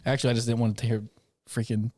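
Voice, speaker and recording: A man's voice: mid-range voice, little pitch movement, fast talker, dark tone. A man with a Southern US accent hosting a podcast. He has had a couple of bourbons and rambles along casually, chuckling and swearing as he talks. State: tipsy after a couple of bourbons. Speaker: podcast host.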